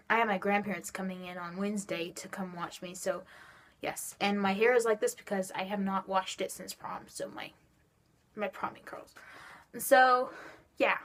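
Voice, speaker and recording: Teen girl vlogger, casual animated storytelling, filler-heavy, neck stiff and sore. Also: mid-range voice. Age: teens. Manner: animated storytelling, lots of "like" and "just like". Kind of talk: casual chat to camera.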